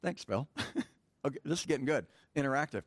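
Animated and fairly quick, a middle-aged pastor with a medium-pitched voice walks his congregation through Greek grammar in a church sermon. His asides are casual and joking, with no room sound present.

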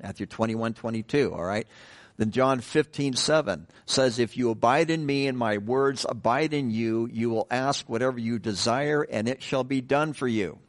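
A man's voice: mid-range voice, normal speed. A man preaching a sermon in a conversational way, with joking asides and stressed key words.

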